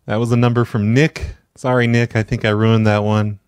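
A man hosting a prank-call show, talking in a relaxed, chatty way between calls. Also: lowish voice, moderate pace, smooth, no room sound, studio quality. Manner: relaxed, chatty, rambling asides. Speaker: host and prank caller. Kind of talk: casual podcast narration.

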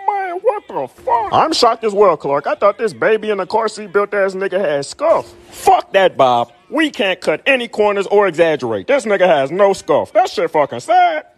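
A man's voice: high voice, huge pitch swings, moderate pace, hardly any pauses, full character voice. A man voicing a dramatic, mocking sports commentator calling a fight.

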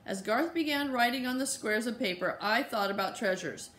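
A woman reading a children's chapter book aloud, pausing to show and explain the pictures. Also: on the high side, lively intonation, a bit bright, a little hiss or hum. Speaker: reader. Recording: roomy echo.

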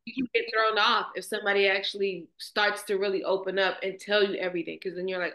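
Woman team member, bright clear voice, chatty and hedging. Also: medium pitch, flat delivery, fast talker, poor audio. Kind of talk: casual answers in a group session.

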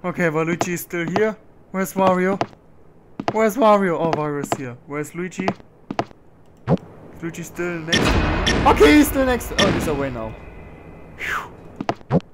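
A man's voice: fairly high pitch, slow, long pauses, very noisy. A man giving let's play commentary on a horror game, talking to himself and yelping when he is startled. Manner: jumpy, talks to himself, yelps when startled.

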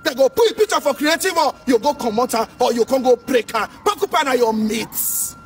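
A man from Edo State with a Nigerian Pidgin English accent, delivering a loud, sing-song scolding commentary. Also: extremely high pitch, expressive, fairly quick, faint music behind. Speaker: social commentator. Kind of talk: ranting commentary. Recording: distant mic with faint noise.

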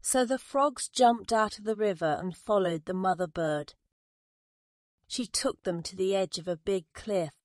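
A woman's voice: mid-range voice, no room sound, studio quality. A woman narrating a simple graded reader story in a careful, plain way. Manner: slow, careful, simple wording.

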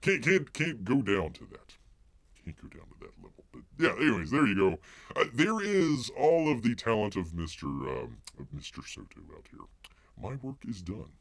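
A very animated man with a fairly low pitch runs a live-stream news commentary at a moderate pace, rambling and mocking. He uses heavy filler words and restarts, and refers to himself in the third person.

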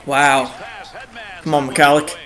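A young man giving excitable live commentary on his own video game match, groaning and cheering at each play, his throat a bit dry. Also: a little high, takes it slowly. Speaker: gaming channel host.

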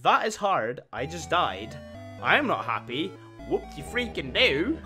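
A man commentating his own video game playthrough with excitable, panicky reactions. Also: on the high side, a little slow. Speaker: gaming video host. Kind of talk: let's play commentary. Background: faint game music.

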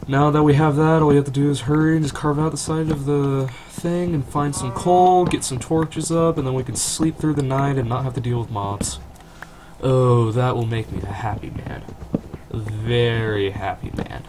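A man's voice: fairly even intonation, moderate pace. A young man giving a rambling, self-deprecating, casual let's-play commentary from his computer at home, on a cheap mic. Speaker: gaming channel host. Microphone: cheap desktop mic near keyboard. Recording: noisy low-budget home recording.

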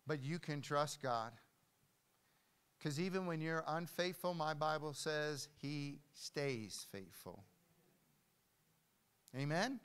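An older man preaching a sermon as pastor in a church, swinging from hushed storytelling to loud declarations. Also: a little high, slow pace, long pauses, clean tone. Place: church hall.

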